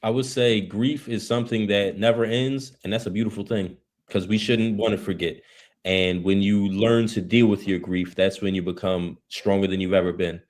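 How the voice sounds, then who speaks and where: A man's voice: on the low side, steady tone, moderate pace, a little mellow. A man speaking as an interview guest, earnest and open, in casual slang.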